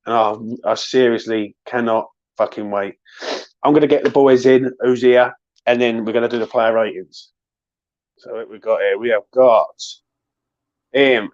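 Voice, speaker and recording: A man hosts a fan chat, emotional and sweary, calling his mates bruv. His voice sits at a middling pitch. The sound is dry and dull, like lo-fi call audio. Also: no echo. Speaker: fan channel host. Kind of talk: excited post-match fan chat.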